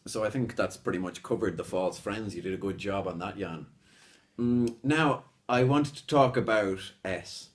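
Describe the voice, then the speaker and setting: Lively Spanish-born English teacher, deep voice. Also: male voice, normal speed. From Spain. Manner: animated, demonstrates sounds with exaggerated examples. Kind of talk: bilingual language lesson chat.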